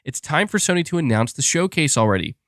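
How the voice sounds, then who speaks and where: A young man hosting a casual gaming podcast, rambling excitably with restarts and laughs as he reads viewer messages. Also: on the high side, fast talker, dry recording, studio quality. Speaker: podcast host reading super chats. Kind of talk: casual live-stream chat.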